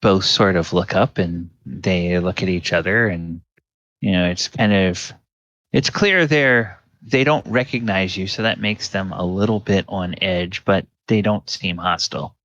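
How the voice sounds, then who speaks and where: A man narrating a tabletop game as game master, halting with many fillers. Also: low voice, fairly even intonation, fairly bright tone, no room sound, muffled recording.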